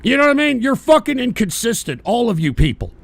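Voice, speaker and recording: A man hosting a live political stream, ranting with profane, scornful outbursts that rise into shouts. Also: extremely high pitch, sing-song, a little fast, gravelly. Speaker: host.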